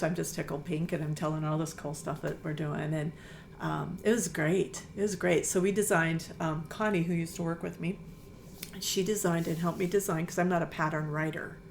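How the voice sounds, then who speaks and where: Low-voiced chatty middle-aged woman. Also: vocal fry, a little hiss or hum. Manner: chatty, enthusiastic storytelling with many fillers. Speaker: quilt shop owner, guest. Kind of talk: casual interview conversation.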